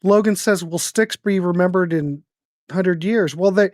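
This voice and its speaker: A man's voice: high voice, measured pace, a little mellow, no echo, studio quality. A man hosting a casual online music podcast over a video call, talking in a laid-back, wry way. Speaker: host.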